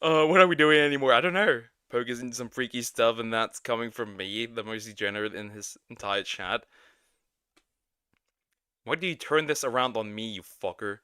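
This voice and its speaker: Vtuber guy reacting to clips, bright clear voice, laughs loud and exclaims a lot. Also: medium pitch, normal speed, dry recording. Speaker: VTuber streamer. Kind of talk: live reaction commentary.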